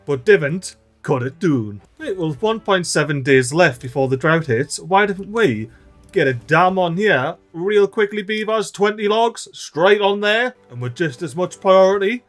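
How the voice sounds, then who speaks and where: A man gives chatty, excitable gameplay commentary as a let's-play host. His voice sits a little high, and he keeps calling out to the little characters on screen. Soft game music plays faintly behind him. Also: unhurried.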